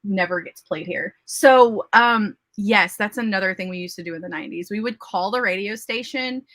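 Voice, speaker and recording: Bright, chatty woman livestream host. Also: mid-range voice, moderate pace, dry recording. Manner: chatty, nostalgic, laughs often. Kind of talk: casual chat on a writing livestream.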